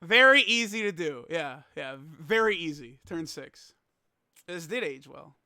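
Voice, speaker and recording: A man's voice: a little high, animated, measured pace, bright, forceful tone, no echo, studio quality. A young man giving casual reaction commentary as a gaming YouTuber, exasperated and laughing, rambling with stammered restarts.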